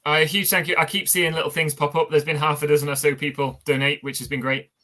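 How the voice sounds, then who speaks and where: A man joining a casual live chat as a guest over a video call, talking quickly and eagerly. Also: a little high, flat delivery, pushed and bright.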